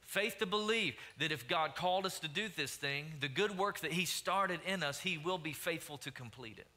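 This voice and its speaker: A man's voice: fairly high pitch, normal speed. A man preaching a sermon as pastor, repeating phrases and calling out questions to the congregation. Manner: preaching, rising to loud emphatic calls; repeats and restarts phrases, asks the crowd questions.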